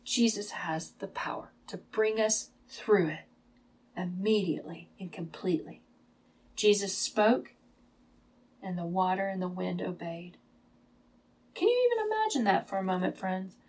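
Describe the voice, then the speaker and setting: A woman teaching a Bible lesson as a sermon, telling the story dramatically, at times hushed and at times emphatic. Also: medium pitch, sing-song, measured pace, low-quality recording.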